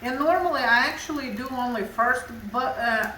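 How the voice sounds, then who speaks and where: A woman's voice: high-pitched, moderate pace, bright, forceful tone, roomy sound, slight background noise, poor audio. Chatty Russian-accented woman cooking. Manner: chatty, explaining step by step with broken English. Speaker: cooking show host. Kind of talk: home cooking demonstration. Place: home kitchen.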